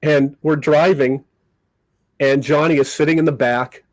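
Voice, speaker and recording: An older man with a slightly high voice and measured pace, recorded in low quality with no room sound, appears as a comedy magician guest on a podcast. He spins casual stories as an animated raconteur, performing the voices of the people in them.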